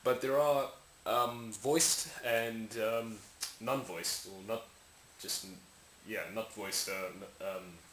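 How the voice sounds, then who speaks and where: Casual male tutor, lowish bright voice, rambling, demos sounds; echoey room with faint hiss. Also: steady tone, takes it slowly. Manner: rambling, self-correcting, demonstrating sounds aloud. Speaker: language tutorial maker. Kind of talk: casual explainer lesson.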